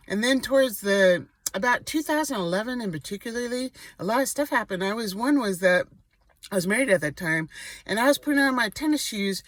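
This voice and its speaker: A woman's voice: medium pitch, dry recording, rough recording. Woman minister telling her testimony. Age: middle-aged. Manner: conversational storytelling, emphatic repetition. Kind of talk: personal testimony.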